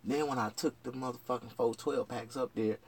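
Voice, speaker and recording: A man rambling through a profane, casual vlog monologue. He jumps from shouted outbursts to low mutters. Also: fairly even intonation, brisk, slightly rough. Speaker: vlogger.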